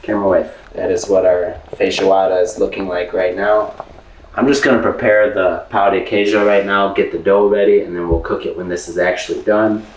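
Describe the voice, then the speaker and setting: A man's voice: sits low, reverberant, a little hiss or hum, low-quality recording. A man hosting a casual cooking vlog, cheerfully talking viewers through a recipe in his home kitchen. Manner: upbeat, addresses viewers directly.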